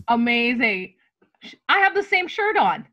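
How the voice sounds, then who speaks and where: A woman's voice: a little high, sing-song, a little slow, bright, forceful tone. A woman hosting an online panel in an enthusiastic way, laughing often. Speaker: host.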